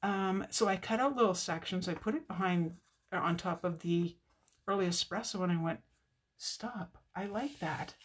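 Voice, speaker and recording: A woman's voice: lowish voice, normal speed, breathy edge. Chatty woman crafting on a live stream. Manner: chatty, talks to viewers, muttering asides. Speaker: card-making demonstrator.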